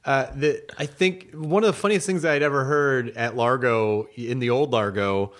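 A man's voice: mid-range voice, moderate pace. A man hosting a comedy podcast, chatting casually and riffing with jokes. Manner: joking, animated, riffing with laughter. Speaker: podcast host.

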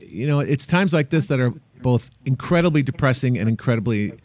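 A man hosting a podcast in casual chat, relaxed and talkative with frequent fillers. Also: mid-range voice, brisk. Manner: relaxed, chatty, hesitant fillers. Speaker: podcast host.

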